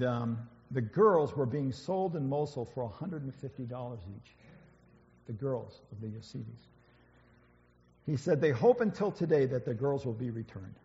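A man's voice: medium pitch, warm tone. A man giving an informal sermon, speaking conversationally with many fillers and restarts. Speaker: church speaker. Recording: dull, echoey church hall.

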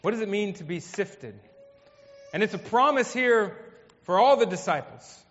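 A man delivering a sermon in a fairly high voice, talking to the congregation in a conversational way and swinging between hushed stretches and emphatic ones. The long reverb of a big hall trails behind his words, and the recording sounds a little muffled. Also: lively intonation, moderate pace. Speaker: pastor. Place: church hall. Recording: dull, echoey hall.

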